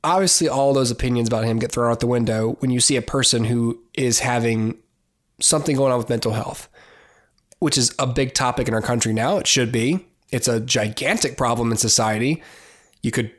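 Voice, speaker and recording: A man's voice: mid-range voice, fairly quick. Blunt, rambling male podcast host. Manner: rambling, many fillers and restarts; blunt, opinionated. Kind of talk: casual solo commentary.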